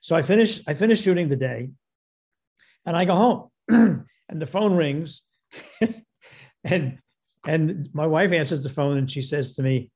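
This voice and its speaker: A man, a film producer and director, telling a story as a guest and acting out both sides of phone calls in an animated way. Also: fairly high pitch, normal speed, pauses often. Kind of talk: storytelling anecdote.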